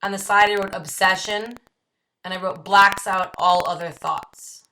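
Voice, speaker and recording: A woman with a Midwestern American accent guides a book study with a bright, clear voice. She reads short passages aloud, then explains them in her own words. Key phrases get repeated slowly for weight. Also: medium pitch, fairly even intonation, slight background noise, poor audio. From United States. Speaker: study group leader. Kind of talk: reading and explaining a recovery text.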